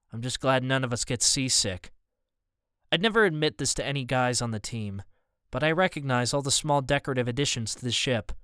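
A man giving first-person scripted audiobook narration in an even, measured way. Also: medium pitch, no echo, studio quality.

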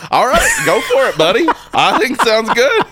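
A man's voice: extremely high pitch, huge pitch swings, moderate pace, pushed and bright, soft background music. A man co-hosting a podcast in casual, joking chat, laughing often and stumbling over restarts. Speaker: podcast co-host.

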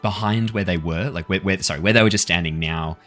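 A man's voice: sits low, fairly quick, a bit bright, soft background music. A man narrating as dungeon master in a casual, stammering way. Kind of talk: narrating a tabletop game.

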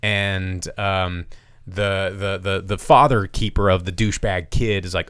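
A man hosting a casual movie review chat, telling plots with profanity and quick acted-out lines. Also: low voice, expressive, fairly bright tone, smooth. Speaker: podcast host reviewing movies.

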